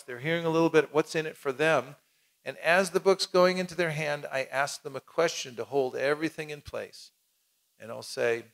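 Male seminar leader, slightly high voice, lively, acts out exchanges, coaxes the audience to repeat. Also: brisk. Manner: animated, acts out little dialogues, leads the crowd in repeating. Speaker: seminar teacher. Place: cultural center hall with audience.

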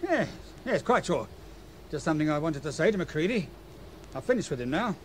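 An actor playing a defensive chief steward in a radio play, arguing with a sailor. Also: male voice, a little high, big pitch swings, brisk, slight background noise. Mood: evasive. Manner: defensive, accusing. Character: edgy, defensive male ship's chief steward.

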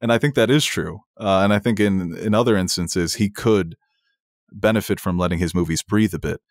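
A low-pitched man co-hosts a podcast, talking fairly quickly and enthusiastically about films, laughing as he speaks and swearing often. The recording is clean studio sound with no echo.

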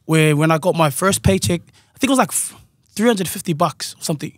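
Kiwi guy on a podcast, husky high-ish voice, slangy and animated, dry close sound. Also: fast, no echo. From New Zealand. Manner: animated, slangy, laughs often. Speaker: podcast guest. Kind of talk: casual storytelling chat. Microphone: studio podcast mic.

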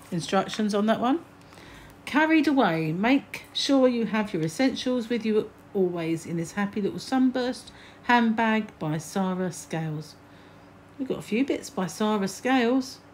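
An older woman with a British accent chats casually as she pages through a craft magazine. Her voice sits at a middle pitch, and she reads snippets aloud, then drifts into musing asides, with a faint hum of room ambience underneath. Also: darkish tone. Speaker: crochet channel host.

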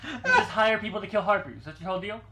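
A player at a tabletop game, joking and teasing the others. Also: male voice, high-pitched, very animated, fast, a crowd in the background. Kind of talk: casual chat at a tabletop game.

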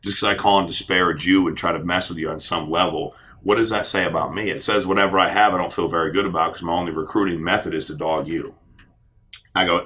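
A middle-aged man answers a panel question in an earnest, animated way, acting out the conversations he describes. His voice sits low but sounds bright and forceful. He talks at a quick clip. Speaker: insurance agency leader.

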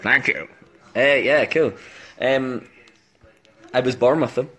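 A man's voice: medium pitch, takes it slowly, fairly bright tone. A young man in his twenties with a Scottish accent, chatting casually and teasingly on a phone live stream, full of ums and jokes. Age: 20s. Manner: teasing, jokey, rambling with fillers. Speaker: band member.

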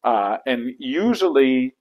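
A man who conducts choirs, speaking reflectively in an interview and acting out inner voices with sudden high exclamations. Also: expressive, takes it slowly, highs cut off. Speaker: choral conductor. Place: church.

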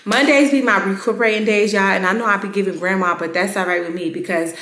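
A young adult woman vlogging casually to her viewers, emphatic and animated, coming down with a cold. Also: medium pitch, fast talker, no room sound, clean studio sound. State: getting sick. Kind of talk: casual direct-to-camera vlog.

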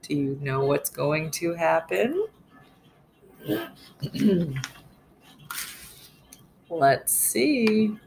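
A woman's voice: sits low, gravelly, slight background noise. A woman teacher reading a storybook aloud for young children, stopping to ask them questions. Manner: slow, expressive, quizzing young listeners. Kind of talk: read-aloud storybook lesson.

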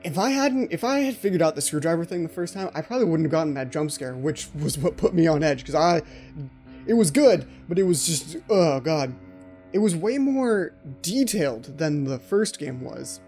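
A man's voice: on the high side, sing-song, normal speed, a little mellow, faint music behind. A man giving horror game let's play commentary as the channel host, jumpy and anxious, often repeating his pleas.

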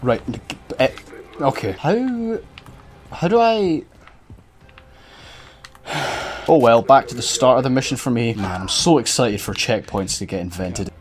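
A man's voice: medium pitch, expressive, unhurried, pauses often. A man giving sarcastic, sweary let's-play commentary over a video game. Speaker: gaming commentator.

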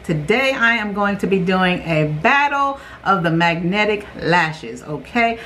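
A woman hosting her beauty channel, reviewing products in a casual, rambling way, speaking loudly and often ending lines with "okay?". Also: medium pitch, expressive, a little slow, hardly any pauses, a little hiss or hum. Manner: loud, self-aware about yelling. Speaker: beauty vlogger host.

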